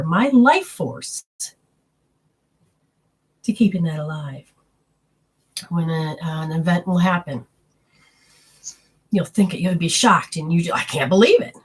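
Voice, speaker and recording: A woman with a husky, slightly breathy voice teaches about healing and the body. She speaks earnestly and often slips into quoted inner voices to make her point. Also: on the low side. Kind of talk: teaching talk with personal stories.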